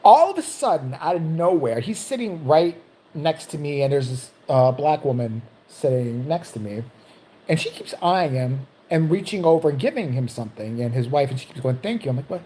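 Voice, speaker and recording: A woman vlogger telling a story in a casual, profane, animated way, jumping into other people's voices. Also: sits low, moderate pace, a little hiss or hum.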